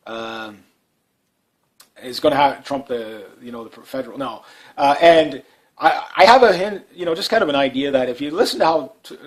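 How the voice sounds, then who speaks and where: A man giving a casual, rambling political rant to his channel's viewers, sarcastic, with chuckling asides. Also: on the high side. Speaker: political commentary vlogger.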